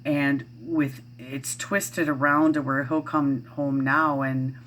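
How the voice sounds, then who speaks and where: A woman's voice: very deep voice, level tone, slow pace, fairly bright tone, slight background noise. A middle-aged woman vlogging at home, chatting casually in a rambling way with lots of fillers and restarts. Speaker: parent vlogger. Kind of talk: casual chat to camera.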